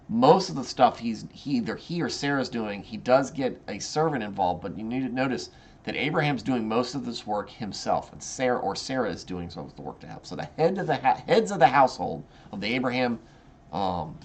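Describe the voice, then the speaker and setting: With a mid-range voice, a man hosts a casual Bible study, reading scripture aloud and then offering informal comments, often restarting his sentences.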